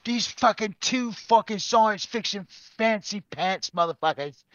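A man putting on a loud, crude Cockney accent to play a rowdy swearing bloke. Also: high voice, unhurried, no echo, muffled recording, voice pushed up. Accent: Cockney, put on.

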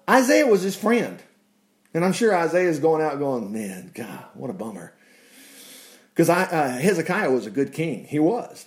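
A man preaching a casual, folksy sermon, often laughing and dropping in "praise the Lord". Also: a little high. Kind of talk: conversational sermon.

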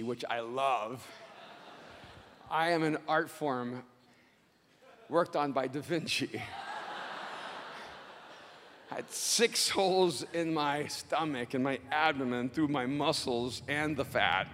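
A man delivers a motivational speech in a high, bright, forceful voice, pushing his lines close to a shout and slowing down for emphasis. His words ring out with a long reverb from a large hall. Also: a little hiss or hum. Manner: loud and emphatic, often near a shout, with slow dramatic phrasing. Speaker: motivational speaker. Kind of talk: motivational speech to a live audience.

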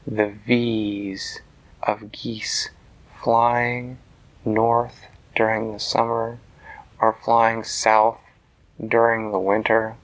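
A man telling a bedtime story to a child in a gentle voice that sometimes drops to a soft whisper. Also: on the low side, flat delivery, slow, low-quality recording.

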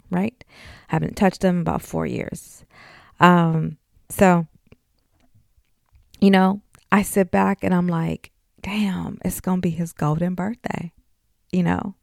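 A woman's voice: lowish voice, vocal fry, a little mellow, no room sound, clean studio sound. A woman in her forties hosting a podcast, talking frankly and emotionally straight to her listeners. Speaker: podcast host. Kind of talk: candid personal talk.

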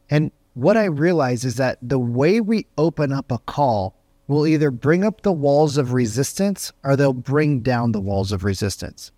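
A middle-aged man coaching salespeople in an energetic, conversational way, often checking in with "right?". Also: medium pitch, no room sound, clean studio sound. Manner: acts out phone calls in animated voices. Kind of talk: motivational sales teaching.

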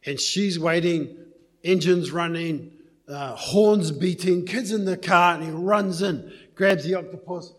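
Animated, slightly high-voiced male preacher. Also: unhurried. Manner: animated storytelling, loose and conversational. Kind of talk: sermon with a told joke and scripture reading.

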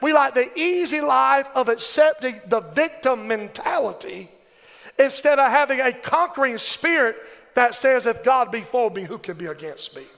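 A man's voice: extremely high pitch, a bit bright, in a large hall. A middle-aged man preaching a sermon in a church, impassioned and rhythmic, calling the congregation to respond.

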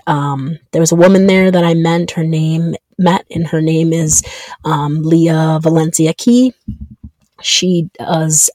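Woman in her 30s doing a solo podcast, slow and earnest, lots of ums, dry close mic. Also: deep voice, a little mellow, no room sound. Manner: earnest, halting, many fillers and restarts. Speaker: podcast host. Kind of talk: reflective solo podcast monologue.

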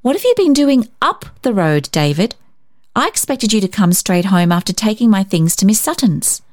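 A woman's voice: mid-range voice, sing-song, moderate pace, darkish tone, no echo, clean studio sound, lightly acted. A woman voicing a stern, puzzled middle-aged aunt who questions a child sharply.

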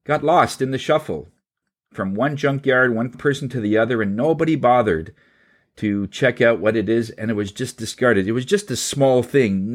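Man, mid-pitched voice, casual speaker spinning a story that turns into a spiritual message. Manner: casual, halting storyteller voicing characters.

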